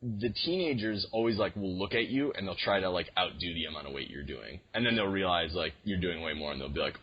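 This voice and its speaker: A young man co-hosts a podcast in casual chat, rambling through his stories with plenty of fillers and false starts. His voice sits low and a bit husky, and the recording sounds dull and lo-fi. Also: expressive, fast talker, few pauses. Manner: rambling storyteller with many fillers and restarts. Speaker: podcast co-host.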